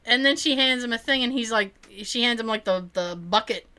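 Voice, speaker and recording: A woman chatting casually, telling an animated story and acting out the people in it, laughing often. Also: fairly high pitch, brisk, a little hiss or hum. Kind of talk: casual chat.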